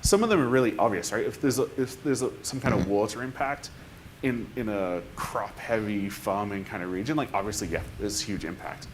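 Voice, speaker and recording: Low-voiced man thinking aloud on a panel. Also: fairly quick, slight background noise. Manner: thinking aloud with frequent restarts and "right?" tags. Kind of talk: conference panel discussion.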